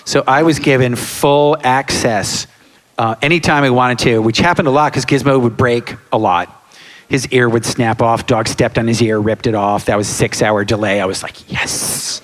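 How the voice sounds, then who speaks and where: A man in his sixties, a guest on a live convention panel, telling lively anecdotes and acting out quotes and sound effects. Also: mid-range voice. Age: 60s. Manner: animated storyteller, acts out quotes and sound effects. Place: large hall with live audience. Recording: reverberant hall.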